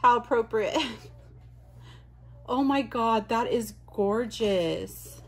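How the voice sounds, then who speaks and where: A woman's voice: fairly high pitch, slow pace. A woman vlogger chatting casually as she unboxes mail, gushing and exclaiming often. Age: adult.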